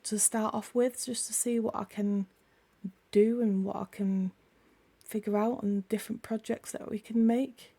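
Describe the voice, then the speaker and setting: Woman, craft-channel host, croaky with a sore throat, dark and gravelly tone, casual rambling chat. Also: on the high side. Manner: chatty, rambling, self-correcting.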